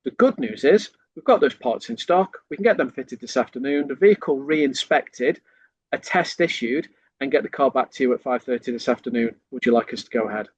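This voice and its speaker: A man's voice: medium pitch, lively intonation, brisk, slightly rough, no echo, muffled recording. A man, a sales trainer, explaining in a podcast conversation and acting out lines a customer might hear.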